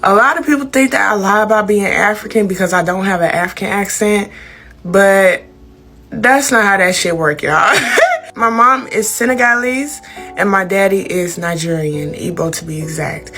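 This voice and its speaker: A woman's voice: medium pitch, animated, normal speed, a bit bright, faint music behind. A young woman from Georgia with a Southern country accent, telling her story candidly to camera in a casual, profane drawl.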